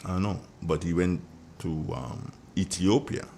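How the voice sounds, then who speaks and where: A middle-aged man with a Grenadian accent hosting a morning radio show, chatty and joking as he sends shout-outs to listeners. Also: low voice, a little slow, a little hiss or hum. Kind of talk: casual morning radio chat.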